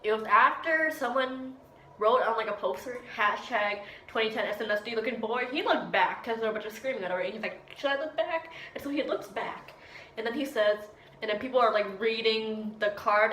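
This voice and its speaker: A woman's voice: mid-range voice, sharp tone, roomy sound, a little hiss or hum, low-quality recording. A seventeen-year-old girl telling a rambling story in a casual vlog, talking around a retainer and acting out what people said. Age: teens. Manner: rambling, chatty, quotes people in voices. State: speaking with a retainer. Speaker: vlogger.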